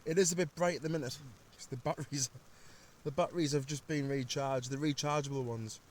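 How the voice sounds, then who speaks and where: A man's voice: on the high side, brisk. Chatty man. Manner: chatty, animated anecdotes with local slang. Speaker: vlogger. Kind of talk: casual chat and storytelling. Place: inside a small tent while wild camping.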